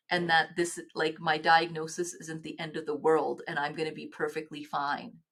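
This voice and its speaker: A middle-aged woman, telling personal stories as a podcast guest in an earnest, halting way with many restarts. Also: low-pitched, completely flat delivery, a bit bright. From Canada. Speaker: guest, nonprofit executive. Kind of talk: podcast interview storytelling.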